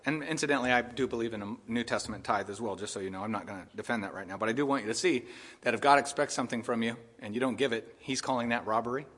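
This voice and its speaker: A man preaching a sermon as pastor, animated, laughing as he acts out the people's protests and God's replies. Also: mid-range voice, very fast. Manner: animated preaching, laughing at the text, acting out voices of people and God. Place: church sanctuary. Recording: long hall reverb.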